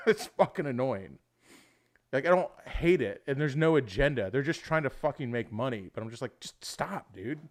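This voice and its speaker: A man's voice: medium pitch, lively intonation, moderate pace. Rambling, swearing man in casual chat. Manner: rambling, swears often, says "dude" a lot. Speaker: livestream host.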